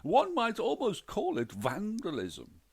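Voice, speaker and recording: Narrator voicing a dry, precise detective, measured and lively in pitch. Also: male voice, gravelly, husky, full character voice. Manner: deadpan, precise, wry. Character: dry, deadpan male phantom detective.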